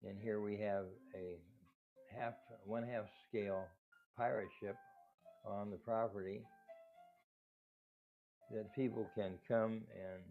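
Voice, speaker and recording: An older man who runs a cat rescue talks casually and rambles, with restarts and soft laughs. His words whistle because he is not wearing his dentures. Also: lowish voice. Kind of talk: casual talk to camera. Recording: tinny phone-like sound with faint music.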